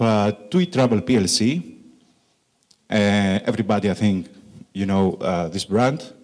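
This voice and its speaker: A man with a Greek accent shaped by Italian, giving a conference presentation as a country manager, joking about his English and slowing down for emphasis with many fillers. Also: on the low side, darkish tone. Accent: Greek with Italian influence. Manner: jokey, slow emphatic asides, frequent uh fillers.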